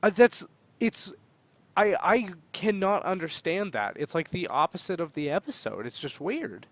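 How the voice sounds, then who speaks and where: A man co-hosting a podcast in casual chat, animated and quick to argue his point. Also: high-pitched, dry recording. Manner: animated, talks over others, laughs often. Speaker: podcast co-host.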